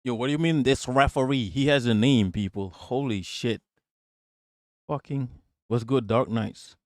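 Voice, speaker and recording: A man's voice: medium pitch, no echo, studio quality. Ranting, profane male livestream host. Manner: ranting, profane, quick to laugh. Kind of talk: live reaction commentary.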